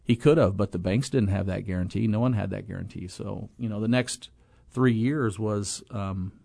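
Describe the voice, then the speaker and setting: A man's voice: lowish voice, normal speed, gravelly, mellow, no echo, studio quality. A middle-aged man being interviewed, telling a long, rambling story about his business, with restarts and acted-out quotes. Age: 20s in 1997, now middle-aged. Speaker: guest, apartment property owner.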